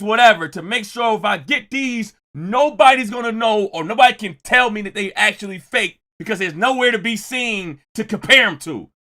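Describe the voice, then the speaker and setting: A young man with a high and very bright, ringing voice tells a story to his stream chat. His talk is slangy and animated, and it jumps into loud bursts. It is casual storytelling, not scripted.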